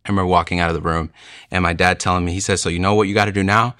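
A man's voice: low-pitched, fairly even intonation, very fast, sharp tone, no echo, studio quality. A young man earnestly telling his personal conversion testimony in a casual storytelling way, with frequent fillers. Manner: earnest, emotional, with frequent "you know" fillers. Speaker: speaker sharing a conversion testimony.

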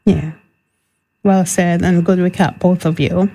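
Warm-voiced formal woman host. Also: on the low side, fairly even intonation, creaky, poor audio. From Montserrat. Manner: formal, measured introductions. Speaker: radio program host. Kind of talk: hosted interview.

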